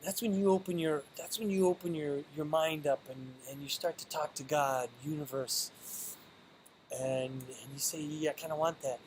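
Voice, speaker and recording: A man in a motivational vlog, speaking earnestly and often repeating or restarting words. His voice sits a little higher than most men's. A faint hiss of noise sits under the recording. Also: steady tone, moderate pace, rough recording. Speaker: vlogger. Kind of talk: motivational monologue.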